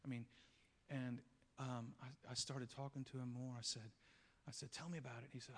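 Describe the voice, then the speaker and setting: A man pastor preaching a sermon, telling a story with acted-out voices and building to loud peaks. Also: medium pitch, level tone, brisk, a little hiss or hum. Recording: long reverb of a large hall.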